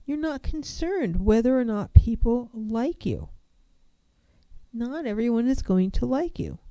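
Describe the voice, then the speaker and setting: Mellow, dark-toned woman counselor. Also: a little high, big pitch swings, unhurried, no room sound. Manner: earnest, poses rhetorical questions. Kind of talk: reflective self-help talk.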